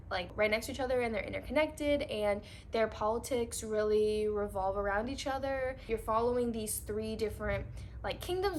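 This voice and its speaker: A woman's voice: on the high side, a little hiss or hum. A young woman talking casually and gushing about books, with lots of filler words. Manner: gushing, filler-heavy chatter. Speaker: book reviewer. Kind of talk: casual reading recap.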